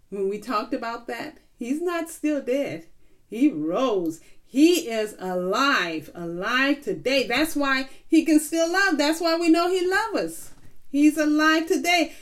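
A middle-aged woman with a fairly high voice teaches a children's Bible lesson, coaxing and sing-song, putting questions to her listeners.

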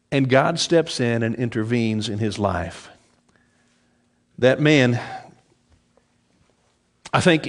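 Middle-aged guy preaching a sermon, kinda high voice, lots of ups and downs, goes low and soft on the bible quotes. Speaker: pastor.

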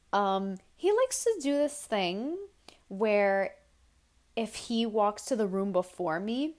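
Slow, rambling young woman podcaster. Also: medium pitch. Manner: rambling, animated storytelling with filler words. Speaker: podcast host. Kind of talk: casual solo podcast chat.

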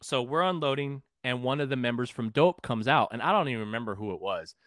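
A musician from San Antonio, Texas, guesting on a podcast, tells a story in a quick, animated, medium-pitched voice that's a bit bright. The dry, studio-quality recording captures his casual, profane, rambling delivery with frequent restarts.

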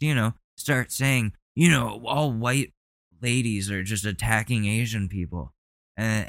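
A man's voice: fairly low pitch, a bit bright, clear, resonant tone, dry recording. A man hosting a casual reaction commentary, talking in an indignant, profane, rambling way. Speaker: commentary host.

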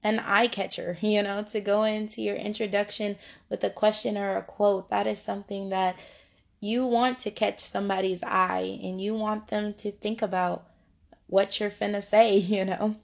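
A woman's voice: medium pitch, little pitch movement, moderate pace, creaky. A young woman leading a casual Bible study lesson, chatty and upbeat, laughing often and slipping into playful voices.

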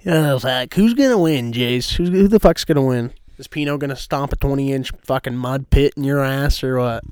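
A man's voice: mid-range voice, moderate pace, darkish tone, clear, resonant tone, no room sound, clean studio sound. A man hosting his own podcast, brash and swearing constantly in loose banter. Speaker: podcast host. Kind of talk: crude casual podcast banter.

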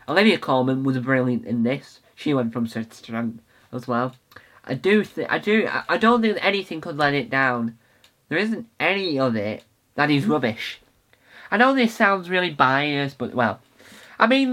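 A young male podcast host talking on his own in an easy, unscripted way. He rambles eagerly, stumbling over restarts and filler words, with a voice of ordinary middle pitch. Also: fairly bright tone. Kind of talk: casual solo podcast talk.

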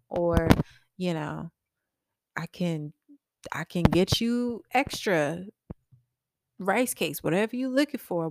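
A woman in her thirties, co-hosting a casual chat, who laughs often and acts out what people said with big jumps in pitch. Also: very noisy. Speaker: podcast co-host.

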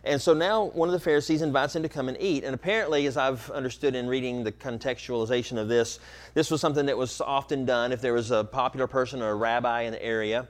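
Middle-aged male pastor, relaxed explanatory sermon delivery, loose and chatty with frequent ums and restarts, mid-pitched voice. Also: fast talker. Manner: casual, explanatory, many fillers and restarts. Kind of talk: conversational sermon.

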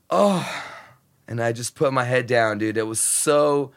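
Gravelly, animated man telling stories. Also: medium pitch, unhurried. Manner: animated, profane, acts out crowd and crew voices. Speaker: satellite radio host, podcast guest. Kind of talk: casual storytelling interview.

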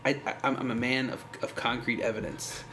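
A man's voice: mid-range voice, fairly even intonation, a little fast, bright, forceful tone, slight background noise. A man hosting a film review podcast, joking around and stumbling over restarts. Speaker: podcast host. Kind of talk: casual chat.

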